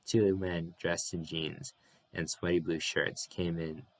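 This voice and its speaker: Deep-voiced man reading a novel. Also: level tone, slow pace, no room sound. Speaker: audiobook reader.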